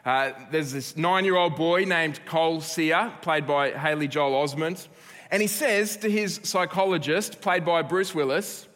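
Pastor preaching with joking asides. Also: male voice, on the high side, normal speed, fairly bright tone, in a large hall. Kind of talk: sermon.

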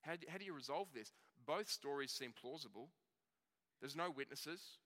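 Bright-voiced man preaching in a hall. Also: a little high, expressive. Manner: conversational storytelling, slowing on key words. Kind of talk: sermon. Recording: long reverb of a hall.

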